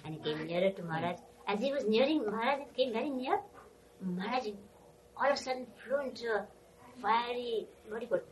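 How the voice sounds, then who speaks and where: A woman speaking English as a second language recounts anecdotes with animated delivery and frequent laughter. She often pauses to hunt for the right word. The mic sits some way off from her. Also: on the high side, far from the mic, a crowd in the background, rough recording. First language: not English. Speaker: storyteller.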